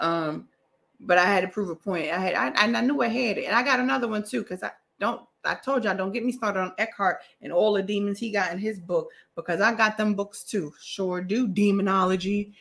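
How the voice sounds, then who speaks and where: A woman hosting a podcast reads from a book and mocks it with sarcastic commentary, often laughing at her own jokes. Her mid-range voice is brisk, creaky and fairly bright.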